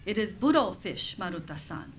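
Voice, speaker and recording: Lady reading a polite formal older guy, slow and patient, middle pitch. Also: sing-song, slight background noise. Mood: expectant.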